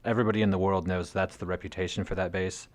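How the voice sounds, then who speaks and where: A man co-hosting a casual podcast chat, low-key and often trailing off mid-thought. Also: flat delivery, quick pace. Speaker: podcast co-host.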